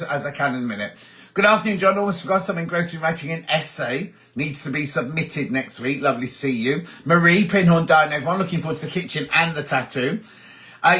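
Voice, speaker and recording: Bright-voiced chatty English man. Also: a little high. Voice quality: chatty, reads comments aloud and answers them. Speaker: livestream host reading viewer comments. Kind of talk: casual live chat.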